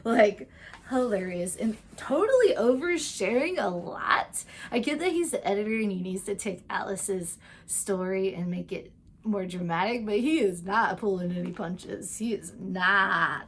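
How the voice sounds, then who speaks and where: This woman recaps TV episodes in a casual, gushing way, her mid-range voice expressive over slight background noise. Peppering her talk with "like" and "um," the tarot and recap vlogger drops quick impressions of the characters' lines.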